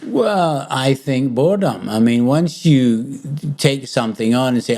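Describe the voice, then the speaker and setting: A man's voice: mid-range voice, lively intonation, moderate pace, hardly any pauses, mellow. A Scottish man being interviewed as a guest, telling stories in casual chat, blunt and swearing freely. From Scotland.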